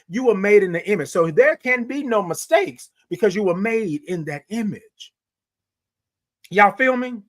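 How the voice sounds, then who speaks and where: A man with a high, light voice gives a motivational monologue on his morning show. He preaches to his listeners, calls them y'all and repeats key lines for weight. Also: fairly bright tone.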